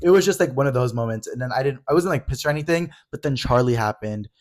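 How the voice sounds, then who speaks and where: A young man co-hosting a podcast, telling a rambling story in casual chat and filling every pause with "like". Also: mid-range voice, animated, a little mellow. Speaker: podcast co-host.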